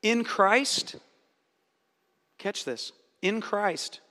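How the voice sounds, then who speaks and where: Drawing out his words expressively, a middle-aged pastor with a bright, high-pitched voice delivers a sermon of emphatic repetitions. The large hall adds a long reverb.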